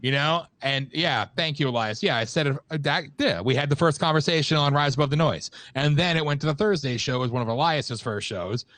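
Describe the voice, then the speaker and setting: A man's voice: a little high, a little fast, hardly any pauses, a bit bright, no echo. Blunt, profane man co-host, dry sound. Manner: blunt, profane, wry griping. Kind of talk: casual political chat. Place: radio show studio.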